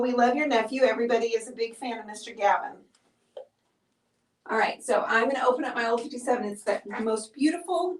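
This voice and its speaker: A woman hosting a live painting tutorial, chatting upbeat with viewers while she works and sounding out of breath. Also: fairly high pitch. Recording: voice heard from a distance.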